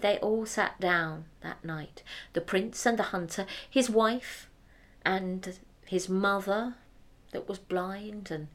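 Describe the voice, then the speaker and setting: A woman telling a fairy tale aloud, expressive, dropping to whispers for effect. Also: mid-range voice. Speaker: storyteller. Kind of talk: oral fairy-tale storytelling.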